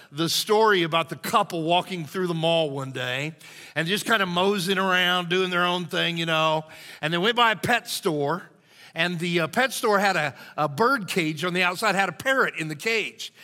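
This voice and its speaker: A male pastor preaching a sermon in a church, folksy and conversational, his voice a bit hoarse. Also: sits high, sharp tone. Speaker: lead pastor. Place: church sanctuary. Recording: long reverb of a church hall.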